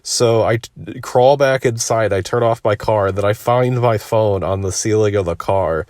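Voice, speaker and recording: Young man, slightly low voice, dry close sound, laid-back rambling storyteller who swears a lot. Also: moderate pace, darkish tone, no room sound. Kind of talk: casual storytelling.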